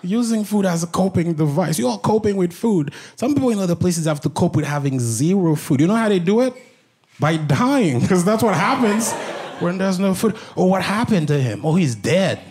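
A man's voice: sits high, lively intonation, moderate pace, a little mellow. A man from Haiti with a Haitian accent, doing a stand-up comedy routine in a conversational, exasperated style on a live stage.

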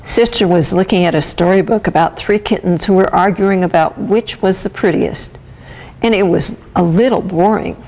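A woman volunteer reading a children's picture book aloud with gentle, expressive storytelling. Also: on the low side, moderate pace, rough recording. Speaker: volunteer reader.

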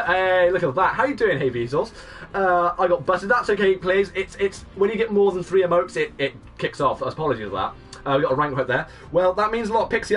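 A young man in his twenties live-streaming a game, greeting and thanking viewers and breaking into excited shouts. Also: sits high, far from the mic, a little hiss or hum. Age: 20s. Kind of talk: live-stream chat reading out viewers' messages.

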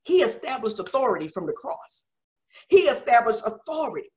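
A middle-aged woman apostle preaching a sermon, peppering every phrase with "my God" and building to fervent shouts. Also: a little high, sing-song, fairly quick. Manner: repeats "my God" constantly, rising to shouts.

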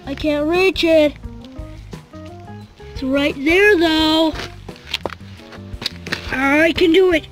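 Her voice sits high as she plays a cranky, childish pig king in a fan cartoon. The character yells, says things over and over, and lets out whiny sighs.

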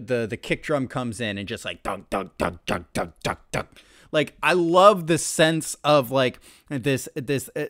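A man hosting a music reaction video, excitable, swearing freely and breaking into shouts. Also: medium pitch, dry recording, studio quality. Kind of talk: casual reaction commentary.

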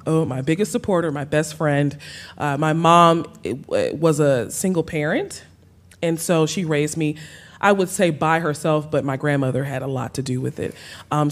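A woman with a Gullah Geechee Lowcountry accent, a cookbook author speaking onstage before an audience, telling stories warmly and laughing often. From South Carolina Sea Islands. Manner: warm storytelling, laughs often, says y'all. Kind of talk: onstage conversation. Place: stage under lights before an audience.

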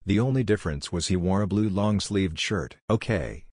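A man narrating a fan fiction story in a steady, even reading voice. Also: low voice, fairly quick, no room sound, studio quality.

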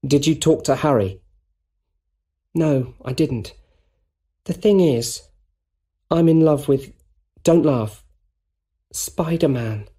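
An earnest young woman speaks with feeling, her voice lifted, as a man reads her lines. The tone is husky and the pace slow. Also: a little high, warm tone, voice pushed up. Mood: shy.

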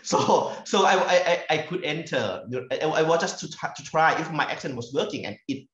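Recorded in what sounds like a lecture room, echoey and a bit dull, this Thai-accented man from northeastern Thailand is a university lecturer recounting fieldwork. His fairly high voice has lively intonation and a slightly bright quality, and he stalls and repeats words as he hunts for phrasing.

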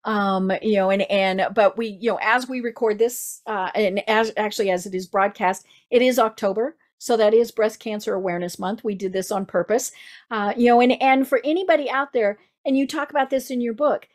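Brisk and steady-toned, this medium-pitched podcast host speaks with a Midwestern American accent. Her casual interview chat is peppered with fillers and restarts.

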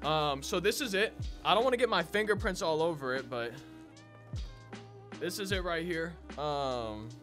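A man's voice: fairly high pitch, lively intonation, moderate pace, over music. A young man chatting casually to viewers as he unboxes a console, a bit out of breath. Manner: chatty, talks to viewers as y'all. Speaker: gaming YouTuber.

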